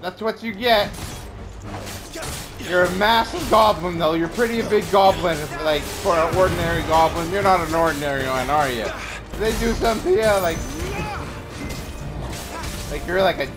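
High-voiced excitable gamer man. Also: moderate pace, pauses often. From Canada. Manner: excitable, trash-talks enemies, rambling jokes. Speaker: let's play gamer. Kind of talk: live gameplay commentary. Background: game music.

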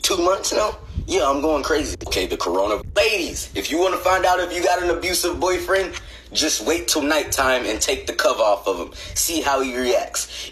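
A young man doing comedic skit monologues, swinging between high exasperated rants and low deadpan asides. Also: normal speed, a little hiss or hum, low-quality recording. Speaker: comedy sketch creator.

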